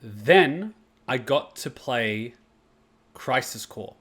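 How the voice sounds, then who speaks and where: A man hosting a casual reaction video, animated and outspoken, swearing and laughing as he talks. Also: medium pitch, extremely slow, husky.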